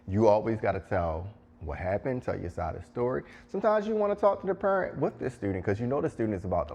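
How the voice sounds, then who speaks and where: A man's voice: fairly low pitch, darkish tone. A man giving emphatic, preachy advice to teachers, repeating phrases for stress. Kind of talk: direct-to-camera advice talk.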